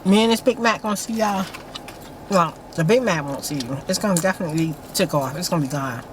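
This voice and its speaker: A woman vlogger chatting casually to her viewers in a relaxed, rambling way. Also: lowish voice, fast talker, background noise. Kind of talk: casual vlog chat.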